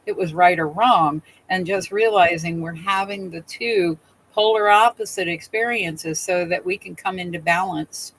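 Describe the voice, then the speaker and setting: A woman's voice: fairly low pitch, a bit bright, low-quality recording. A woman guest on a video call, talking earnestly and reflectively about spiritual balance in a casual chat.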